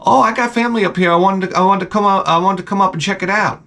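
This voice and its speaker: A man voicing a cheerful, over-eager young man in his early twenties, bright and sing-song. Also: sits high, rapid-fire, gravelly, a little hiss or hum, voice pushed up. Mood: chipper.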